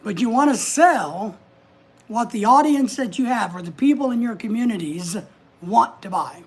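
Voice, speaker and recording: A woman's voice: fairly high pitch, expressive, normal speed, darkish tone, slightly rough. A woman hosting a casual livestream from home, chatting, giving advice and reading out viewer comments. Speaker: livestream host.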